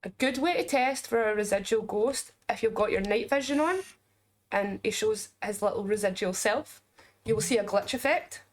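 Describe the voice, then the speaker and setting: A woman with a Scottish accent giving casual gameplay commentary as a game reviewer, chatty and explaining as she plays, with quick asides and jokes. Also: medium pitch.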